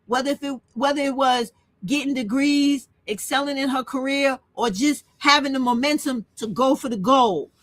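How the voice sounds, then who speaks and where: A woman's voice: high voice, normal speed, fairly bright tone, no room sound. A woman hosting her own channel, delivering a blunt, profane, emotional monologue. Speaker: channel host. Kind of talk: impassioned monologue rant.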